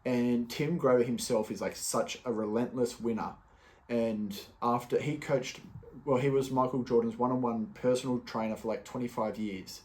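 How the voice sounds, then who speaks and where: Guy, young, solo podcast host, relaxed ramble full of ums and restarts. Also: medium pitch, normal speed. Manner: loose and chatty, many fillers and restarts. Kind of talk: casual solo podcast talk.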